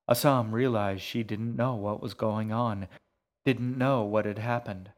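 A man reads a tense story aloud, his voice sitting on the low side. He takes his time with each phrase, hushed and measured, letting the sentences unfold slowly. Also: fairly even intonation. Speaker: audiobook narrator. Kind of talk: scripted narration.

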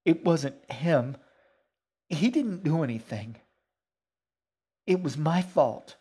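A man's voice: fairly high pitch, lively intonation, slow pace, dark tone, breathy edge, pitched above the performer's own voice, exaggerated voice. A man reading a story aloud, voicing a frightened young girl in a strained, pleading way. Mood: distraught.

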